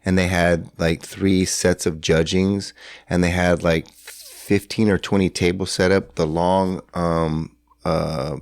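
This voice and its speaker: A man's voice: low voice, flat delivery, takes it slowly, dry recording, clean studio sound. A middle-aged man telling a long story in casual chat, rambling with fillers and acting out what people said. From San Antonio, Texas. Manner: rambling, lots of fillers and restarts, acts out dialogue. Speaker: podcast guest. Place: hotel room.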